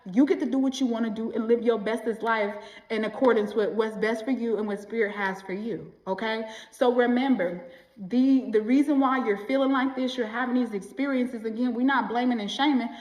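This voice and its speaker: Animated slangy woman in an echoey room. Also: on the high side, fairly quick. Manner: animated and slangy, acts out quoted voices. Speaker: self-help vlogger. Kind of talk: casual motivational talk to camera.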